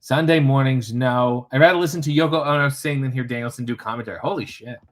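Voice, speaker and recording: A man's voice: medium pitch, fast. A man hosting a casual livestream from a hotel room, reading chat comments aloud with wry, profane joking asides. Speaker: livestream host.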